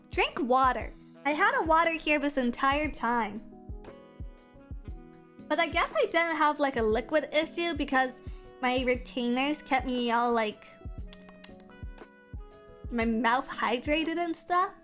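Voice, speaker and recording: A woman's voice: sits high, a bit bright. A young woman streamer chatting casually and playfully, with lots of silly vocal play. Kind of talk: casual chat. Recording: faint music behind.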